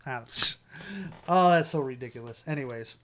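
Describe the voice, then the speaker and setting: A man's voice: mid-range voice, moderate pace, fairly bright tone. A man with a strained, worn voice hosting a livestream, chatting casually and rambling through restarts and chuckles. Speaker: livestream host. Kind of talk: casual chat.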